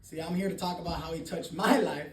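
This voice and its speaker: A man's voice: fairly high pitch, fast talker, crowd noise. A man speaking candidly at a recovery meeting, swearing freely and laughing often as he shares his story. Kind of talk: personal testimony talk. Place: meeting room. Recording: roomy, distant mic, faint noise.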